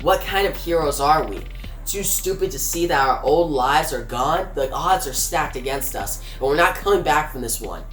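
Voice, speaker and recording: A woman reading the lines of a weary, bitter male chimp detective in a low, plain voice. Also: animated, normal speed, reverberant, faint music behind. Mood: gloomy.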